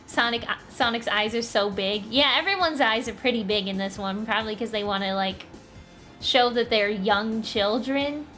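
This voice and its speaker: A woman streamer reading comics aloud in a casual live stream, chatty and playful with quick asides. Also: medium pitch, bright, forceful tone, faint music behind.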